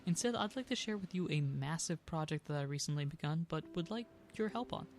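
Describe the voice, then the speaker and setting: A man's voice: on the high side, lively intonation, a little fast, a little hiss or hum. A man running a tabletop game as game master, talking casually with fillers. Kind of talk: tabletop game narration and podcast outro.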